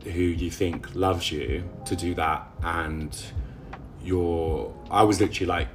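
A young man recounting a painful relationship, halting and repeating words with many fillers. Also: deep voice, fairly even intonation, soft background music. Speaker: interviewee recounting abuse. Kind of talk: emotional personal testimony.

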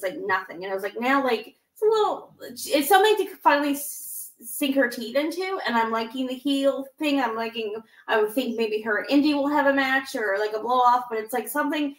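A woman's voice: fairly high pitch, fairly bright tone, distant mic. A woman co-hosting a casual wrestling podcast, rambling and restarting her thoughts as she talks. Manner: rambling, self-interrupting, quick to laugh. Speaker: podcast co-host. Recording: echoey room.

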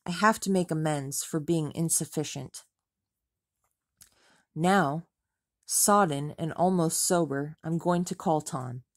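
A woman narrates a novel in the first person, her voice subdued and inward-looking. Her tone sits a little low. The reading is close and dry, with no room sound. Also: slow pace, pauses often, no echo. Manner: subdued, ashamed, introspective. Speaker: audiobook reader.

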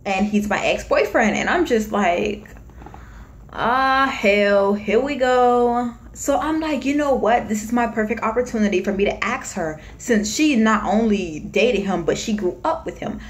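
A woman's voice: medium pitch, moderate pace, few pauses. A young woman from Florida telling a personal story to the camera in a casual, chatty way, acting out what people said. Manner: chatty, animated retelling with acted-out quotes. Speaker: vlogger.

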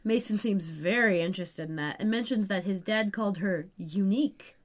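A woman's voice: medium pitch, normal speed. A woman co-hosting a podcast, recapping scenes in easygoing casual chat and often chiming in to agree. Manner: easygoing, brief agreeing interjections. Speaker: podcast co-host.

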